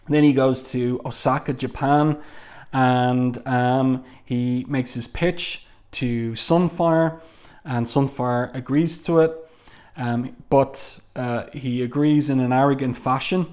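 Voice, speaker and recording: A man's voice: mid-range voice, a little slow, a little mellow. A man reviewing an old comic book in a casual, chatty way, with frequent fillers and asides. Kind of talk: casual review with read-aloud quotes.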